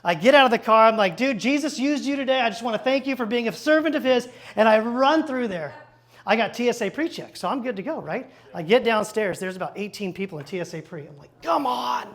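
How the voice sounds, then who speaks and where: A male pastor telling a lively personal story from the pulpit, acting out the dialogue and turning to the congregation with quick asides. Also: very high-pitched. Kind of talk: storytelling sermon. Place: church stage.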